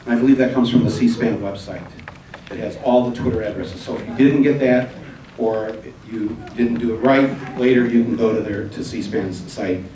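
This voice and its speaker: A man hosting a live town hall, rambling and urging the audience, spelling out web addresses slowly. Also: medium pitch, warm tone. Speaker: event host. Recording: echoey hall from far off.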